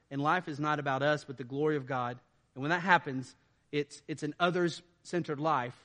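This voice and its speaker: This sermon comes from a man speaking as pastor, who alternates quiet, low sections with loud, emphatic bursts. His style stays conversational, punctuated by "right?" asides.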